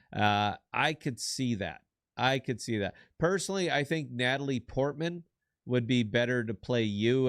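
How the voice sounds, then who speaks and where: A man co-hosting a casual podcast, talking in a blunt, rambling way with plenty of swearing. His voice sits at an ordinary middle pitch, and the sound is dry and close with no room echo. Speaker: podcast co-host. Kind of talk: casual chat.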